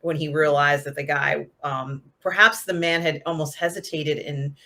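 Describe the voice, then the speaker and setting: A woman's voice: low voice, fairly even intonation, normal speed, sharp tone. A woman co-hosting a casual show, chatting about a TV episode and retelling scenes. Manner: chatty, retells scenes with quoted lines and laughter. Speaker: co-host reviewing a TV episode. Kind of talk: casual chat.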